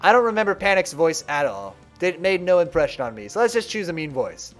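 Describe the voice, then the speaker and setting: Chatty man with a lively high voice. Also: a little fast, few pauses, faint music behind. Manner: chatty, explains as he plays. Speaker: streamer. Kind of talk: casual live game commentary.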